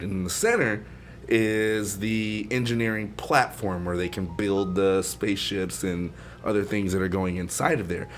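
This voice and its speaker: A man's voice: fairly low pitch, slight background noise. A man co-hosting a casual podcast chat, explaining things at length with lots of fillers. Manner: rambling explainer, many fillers. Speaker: podcast co-host.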